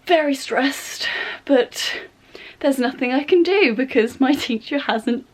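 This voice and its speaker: A woman's voice: high voice, lively intonation, takes it slowly. A young woman vlogger venting in casual chat, exasperated and chatty. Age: young adult. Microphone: compact camera.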